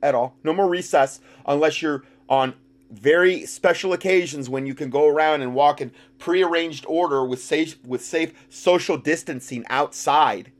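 A man giving sarcastic commentary while reading documents, mocking the text and rising to loud outbursts. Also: fairly high pitch, normal speed. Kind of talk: sarcastic commentary with read-out passages.

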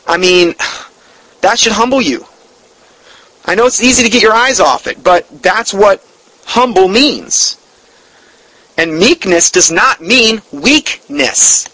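Animated and sharp-toned, a high-voiced preacher gives an earnest, emphatic sermon and makes no secret of his feelings about the subject. He eases his pace to read scripture and definitions, captured in poor audio with no room sound.

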